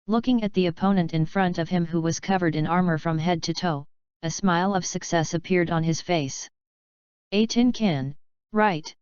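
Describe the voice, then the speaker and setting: Smooth low-voiced woman narrating. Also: darkish tone, dry recording. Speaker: audiobook narrator. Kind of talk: scripted narration of an action story. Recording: dry, slightly dull lo-fi sound.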